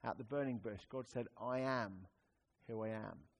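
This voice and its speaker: A man preaching a sermon in a conversational, wry way, swinging between emphatic rises and quiet, serious drops. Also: lowish voice, unhurried, vocal fry.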